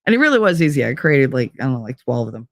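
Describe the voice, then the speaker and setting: A woman's voice: rumbling low, big pitch swings, racing, dry recording, studio quality. A woman live streamer in casual chat, rambling from one story to the next, giggling and swearing freely.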